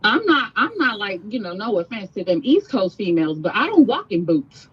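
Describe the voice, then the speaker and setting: A woman's voice: mid-range voice, big pitch swings, fairly quick, slightly rough. A woman in her thirties calling in, flirty and self-assured in casual talk. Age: 30s. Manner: flirty and confident. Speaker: caller. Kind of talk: casual phone call. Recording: muffled phone line.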